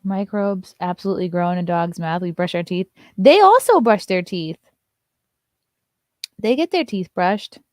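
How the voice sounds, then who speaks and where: A woman's voice: animated, moderate pace, darkish tone, no echo. Woman comic, host of a morning show, casual and chatty, dry close sound. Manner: chatty, turns to high sing-song baby talk with her dog. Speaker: comedian hosting a morning show. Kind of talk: casual chat, reading viewer comments.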